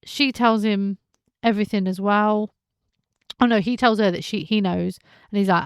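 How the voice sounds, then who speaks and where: Female podcast host, casual soap recap, animated, slips into characters' voices; slight fry, dry close mic. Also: medium pitch, normal speed, no room sound. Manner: chatty, animated, acts out characters' lines.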